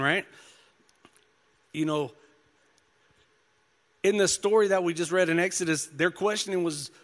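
A male pastor preaches a sermon that blends scripture reading with personal testimony, in an easygoing style full of "you know" and "man." His voice is high with a fairly bright tone, and the recording has a long hall reverb.

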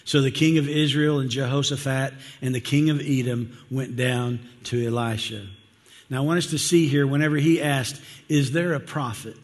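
Man preaching in a reverberant church. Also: mid-range voice. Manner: conversational, earnest preaching with direct questions to the congregation. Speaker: pastor. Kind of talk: sermon. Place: church sanctuary. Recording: long church-hall reverb.

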